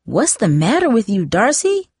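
A defiant teenage girl, as a woman reading a story puts her on, pouty and pushy. Her voice sits higher, in a dry, close recording. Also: wildly swooping pitch, moderate pace, darkish tone, slightly rough, no echo, heavily acted. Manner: pouty, confrontational teen voice.

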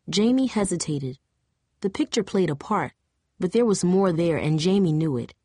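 A woman narrating an audiobook in a steady, even storytelling voice. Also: on the low side, normal speed, no echo, clean studio sound.

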